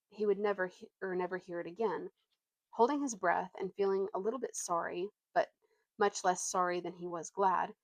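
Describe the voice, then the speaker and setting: A woman reading a novel aloud in a steady way, with small slips that she corrects. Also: on the low side, no echo, rough recording. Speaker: book reader.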